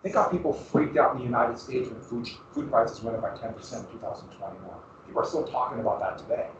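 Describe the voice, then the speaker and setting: A man's voice: mid-range voice, fast talker, a little hiss or hum. Male teacher lecturing in an echoey classroom. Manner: lively, asks the class questions, restarts phrases. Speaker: history teacher. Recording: roomy, distant, dull classroom recording.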